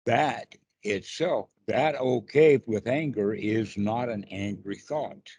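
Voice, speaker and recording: A man teaching meditation in a casual chat over a video call, speaking slowly and deliberately. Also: medium pitch, darkish tone, no room sound.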